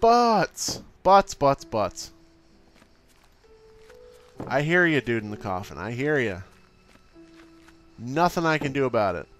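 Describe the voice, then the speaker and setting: A man doing let's play commentary, exasperated, swearing a lot and reading the game's options out loud. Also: mid-range voice, sing-song, moderate pace, pauses often, soft background music. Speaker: gaming YouTuber.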